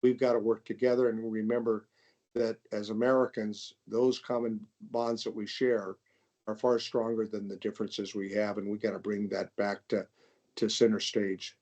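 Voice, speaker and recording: Older guy congressman on a panel, low mellow voice, sounds kinda dull and lo-fi. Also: little pitch movement. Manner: measured, repeats words while thinking. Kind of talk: panel discussion.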